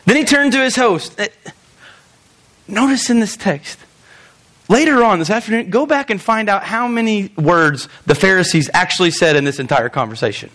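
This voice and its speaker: A man's voice: high voice, animated, normal speed, a bit bright. A man preaching a sermon in a loose, conversational way, reading scripture and acting out the people in it. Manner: conversational, acts out quoted voices, chuckles. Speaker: pastor.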